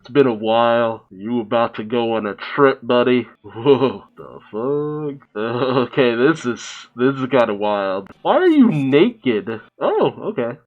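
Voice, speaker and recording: A man's voice: mid-range voice, expressive, slow pace, phone-quality sound. A man hosting an anime reaction, joking, swearing and laughing often as he mock-quotes the characters. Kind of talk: casual reaction commentary.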